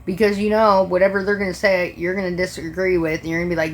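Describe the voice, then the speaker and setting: Lower-voiced woman ranting, swearing freely. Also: level tone, fast talker, hardly any pauses, slight background noise. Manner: profane, exasperated ranting. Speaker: restaurant server. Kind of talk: casual livestream rant.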